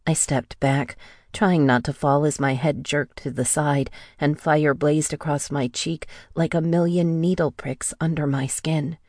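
Low-voiced woman narrating a tense thriller. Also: fairly even intonation, unhurried, a little mellow, dry recording, clean studio sound. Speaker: audiobook narrator. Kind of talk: first-person thriller audiobook narration.

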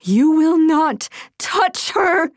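Narrator doing a frantic, defiant mother guarding her kid, slow and dry. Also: mid-range voice, dark tone, husky, dry recording. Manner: pleading, defiant, urgent. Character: desperate young mother protecting her child.

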